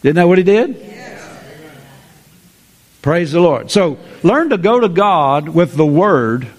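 A man's voice: fairly high pitch, sing-song, slow. A man preaching a sermon as pastor, exuberant and repetitive, often laughing.

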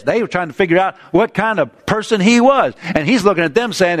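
Higher-voiced man preaching with fervor. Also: fairly quick, hardly any pauses. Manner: animated preaching, rising pitch on emphasis, asides and restarts. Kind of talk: sermon.

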